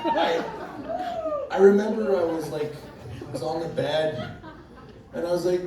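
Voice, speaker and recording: A man's voice: a little high, a little slow, pauses often, dark tone. A man doing a crude, rambling stand-up set, often laughing at his own jokes. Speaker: stand-up comedian. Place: comedy club stage. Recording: echoey club from far off, audience noise.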